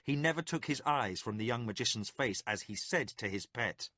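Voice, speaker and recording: A man reading a fantasy audiobook as scripted narration, dramatic and expressive. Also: medium pitch, moderate pace, dry recording, studio quality.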